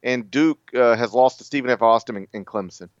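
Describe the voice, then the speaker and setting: A man's voice: mid-range voice, fairly quick, dry recording, dull audio. An American man co-hosting a casual sports podcast, bantering with laughs and a self-deprecating manner. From United States. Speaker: podcast co-host.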